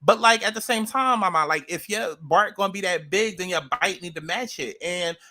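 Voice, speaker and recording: New man reviewing reality TV, high and piercing, blunt and foul-mouthed. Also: normal speed, sharp tone. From New York. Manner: blunt, profane, sassy. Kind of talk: ranting commentary.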